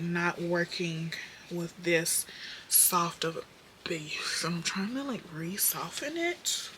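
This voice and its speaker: A young woman doing her makeup while chatting to her viewers, candid and profane, slipping from muttered whispers into loud bursts. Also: fairly low pitch, noisy background. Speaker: beauty vlogger.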